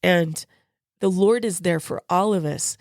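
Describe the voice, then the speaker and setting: A woman's voice: fairly low pitch, unhurried, no room sound, clean studio sound. A woman co-hosting a podcast, telling a personal story in a casual way and acting out the voices of the people in it. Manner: lively storyteller who acts out the quoted voices of others. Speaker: podcast co-host.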